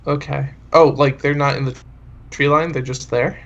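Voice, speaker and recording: A man's voice: mid-range voice, fairly even intonation, normal speed, a bit bright. A man playing in a tabletop game, chatting in an easygoing, hesitant way. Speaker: player. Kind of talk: casual tabletop game chat. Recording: muffled, dull mic.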